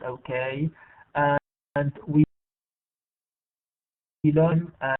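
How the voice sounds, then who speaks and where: Male teacher, online class, halting delivery, phone-like audio. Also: a little high, fairly even intonation. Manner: halting, searching for words. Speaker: English teacher. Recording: tinny phone-like line.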